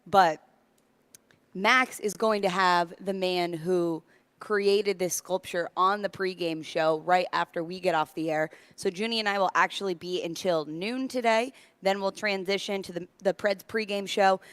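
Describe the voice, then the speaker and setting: Chatty woman on sports radio, smooth and dry. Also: on the low side, measured pace, dry recording. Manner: chatty, animated storyteller. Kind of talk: casual sports talk. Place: radio studio.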